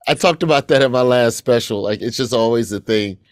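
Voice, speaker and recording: A man from Alabama talks as an interview guest, telling stories in a relaxed way with joking asides. His voice has a middle pitch and a dry, close sound. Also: a little fast, no room sound. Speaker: actor and comedian guest. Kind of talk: casual interview chat.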